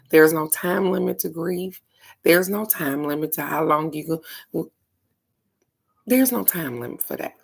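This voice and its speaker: A middle-aged woman gives a casual card-of-the-day reading in a low voice. She talks slowly and takes her time. Her manner is frank and earnest, with the odd curse word. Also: gravelly, slightly rough. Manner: frank, earnest, occasionally profane. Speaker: oracle card reader.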